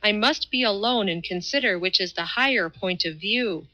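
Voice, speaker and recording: Audiobook role: woman playing a dithering male philosopher, airy and sing-song, raised pitch. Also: normal speed, pushed and bright, muffled recording, close to an everyday voice. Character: airy, wishy-washy man, a philosopher.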